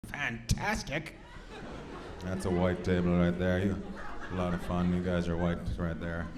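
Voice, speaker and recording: A man's voice: sits low, unhurried. A male stand-up comedian doing crowd work in a club, brash and profane as he needles audience members. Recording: echoey club with loud crowd and noise.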